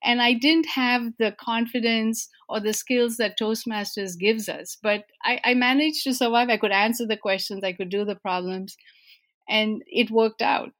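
A woman from India, answering interview questions in a warm, self-deprecating storytelling manner with frequent small hesitations. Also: fairly high pitch, steady tone, normal speed. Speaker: interviewee, organization president.

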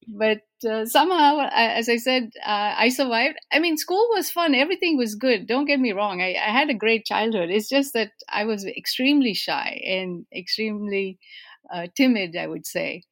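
A woman from India, answering interview questions in a warm, self-deprecating storytelling manner with frequent small hesitations. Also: mid-range voice. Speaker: interviewee, organization president.

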